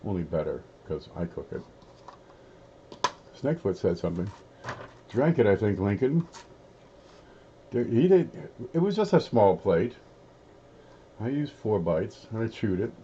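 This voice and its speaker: A man with a fairly low voice rambles in a folksy, easygoing way, talking through mouthfuls of food as he eats on camera. The recording sounds dull and lo-fi, with a faint hiss underneath. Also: very animated, measured pace, long pauses, warm tone. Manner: folksy, rambling, talks with his mouth full. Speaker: coin collecting channel host. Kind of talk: casual chat while eating on camera.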